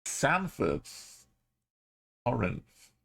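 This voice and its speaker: A man's voice: medium pitch, huge pitch swings, drawn-out words, vocal fry, fairly bright tone, husky. A man streaming a game live, thinking aloud as he plays and chatting with his viewers.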